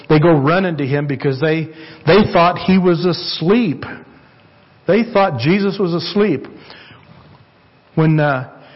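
A man's voice: fairly high pitch, muffled recording. A man preaching a sermon in church, earnest and repetitive, asking the congregation for amens. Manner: earnest, repeats phrases, asks the congregation for amens. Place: church sanctuary.

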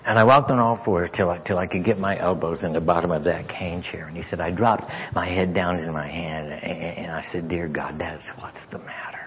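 A man preaching as a guest speaker, telling a story with stammered repeats and sometimes sinking to a hushed whisper. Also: deep voice, steady tone, brisk, hardly any pauses, a little hiss or hum. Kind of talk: sermon storytelling. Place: church sanctuary. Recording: dull lo-fi church audio.

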